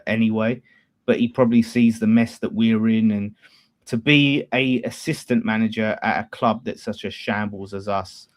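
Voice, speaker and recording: A man hosting a casual football fan chat, animated and swearing freely, swinging between loud bursts and quiet asides. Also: lowish voice. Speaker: fan channel host.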